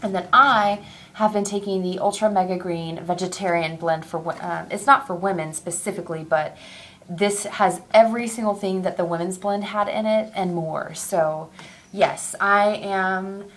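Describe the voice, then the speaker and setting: A woman in her thirties talking openly in a casual personal video diary, rambling a little and quick to get teary. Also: mid-range voice, slight background noise. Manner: chatty, candid, excitable, quick to tear up; rambling with many ums and restarts. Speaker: vlogger.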